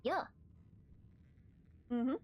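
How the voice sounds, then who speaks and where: Chatty female game streamer. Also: extremely slow. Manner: chatty, joking asides. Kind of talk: casual game let's-play commentary.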